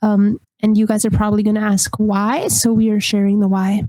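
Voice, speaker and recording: Mellow-voiced woman with American accent. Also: medium pitch, little pitch movement, no echo, poor audio. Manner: earnest, deliberate commentary. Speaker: podcast co-host. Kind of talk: casual podcast chat.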